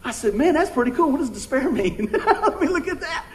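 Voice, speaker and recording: A middle-aged man preaches in a loose, conversational way, tossing questions out to the pews. His voice sits high for a man. A faint noise floor runs under the recording. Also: expressive, fairly quick, rough recording. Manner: folksy, conversational preaching with audience call-outs. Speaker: pastor. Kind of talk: sermon.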